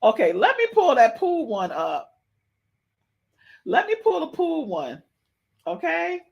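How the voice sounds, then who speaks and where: A woman hosting a livestream podcast, reacting excitedly, repeating herself and talking to her chat. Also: high-pitched, takes it slowly, creaky, dull audio. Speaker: podcast host. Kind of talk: livestream gossip commentary.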